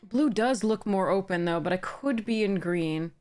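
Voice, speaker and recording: A young woman chats with her stream audience while she drafts cards, thinking out loud and greeting viewers. Her voice sounds a little tired, and soft music plays behind her. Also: mid-range voice, lively intonation, normal speed. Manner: chatty, thinks aloud, greets chat warmly.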